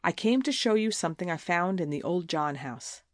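Storybook figure: woman reading a stern, blunt teen schoolgirl, cold and clipped, slightly raised pitch. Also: lively intonation, moderate pace, no room sound, studio quality, lightly acted. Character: cool, blunt teenage schoolgirl.

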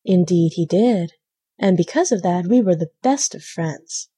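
A woman voicing a sly, scheming male weasel in a storybook, smooth and coaxing. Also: on the low side, lively intonation, measured pace, mellow. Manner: smooth, wheedling.

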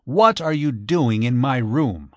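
A man voicing an irritable older millionaire who blusters loudly and contemptuously. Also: medium pitch, animated, slow, no room sound.

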